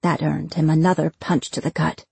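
A woman narrating a fantasy audiobook in a measured, steady way. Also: low-pitched, creaky, husky, dry recording.

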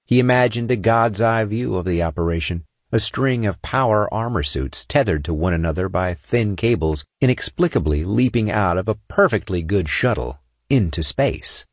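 A man reads a science-fiction story as an audiobook, with expressive storytelling and a voice for every character. His voice sits low, his intonation rises and falls in a lively way, and the recording is dry with no room sound. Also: normal speed, no room sound. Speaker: audiobook narrator. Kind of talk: scripted audiobook narration.

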